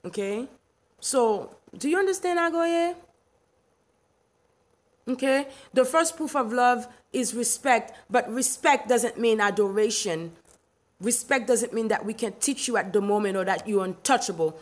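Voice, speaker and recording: A woman's voice: on the high side, measured pace. A middle-aged woman from Haiti with a Haitian accent, hosting a live stream, ranting emphatically and indignantly, laughing often and answering viewers' comments. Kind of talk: livestream rant reading chat.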